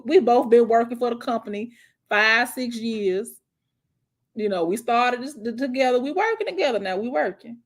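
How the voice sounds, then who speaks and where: Animated woman preaching to her stream. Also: a little high. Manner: animated, preachy storytelling with mocking impressions; calls listeners child and honey. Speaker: host. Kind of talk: casual livestream talk.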